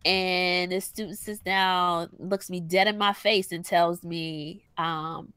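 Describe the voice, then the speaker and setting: Woman, podcast guest, teacher, wry storytelling, low pitch, dry close sound. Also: steady tone, takes it slowly, fairly bright tone, smooth, no echo. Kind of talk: casual chat, storytelling.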